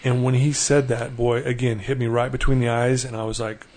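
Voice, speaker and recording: A man's voice: mid-range voice, level tone, a little fast, darkish tone. Earnest middle-aged man telling his story. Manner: earnest, acts out quoted dialogue with laughing asides. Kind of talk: casual storytelling conversation.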